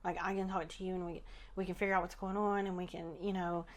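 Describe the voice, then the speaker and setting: Female podcast host, lower voice, relaxed rambling chat. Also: quick pace. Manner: relaxed, chatty, trailing off mid-thought. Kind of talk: casual spiritual chat.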